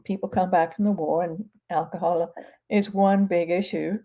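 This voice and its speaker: A woman's voice: on the low side, steady tone, moderate pace, mellow. A woman with an English accent talking casually as an author on a live stream, with many fillers and restarts. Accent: English, from near London. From England. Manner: conversational, with frequent fillers and restarts.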